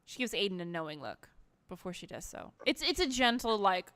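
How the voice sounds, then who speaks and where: A woman's voice: fairly low pitch, huge pitch swings, a little fast, a bit bright. A woman playing a tabletop game, chatting casually and giggling often. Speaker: player. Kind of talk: casual chat and tabletop roleplay.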